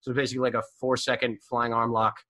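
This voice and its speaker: A man telling stories in a casual, animated way, swearing freely and leaning on fillers. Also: medium pitch, fast. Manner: animated, profane, full of fillers. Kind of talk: casual storytelling.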